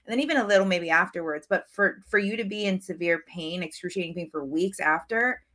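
A woman hosts a casual podcast interview with a slightly low voice. She offers her guest steady support and affirmation, then speaks at length in the same easy conversational way. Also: brisk. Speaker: podcast host.

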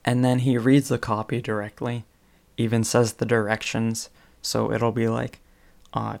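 A man's voice: mid-range voice, flat delivery, normal speed, gravelly, darkish tone. A man casually retelling funny stories in a spoken presentation, with fillers and occasional chuckles. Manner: chatty retelling with fillers, chuckles between phrases.

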